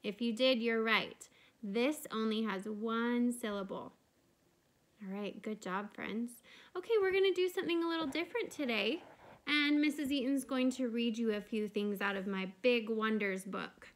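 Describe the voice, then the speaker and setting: A woman kindergarten teacher giving a video lesson to young children, talking clearly and encouragingly. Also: fairly high pitch, normal speed.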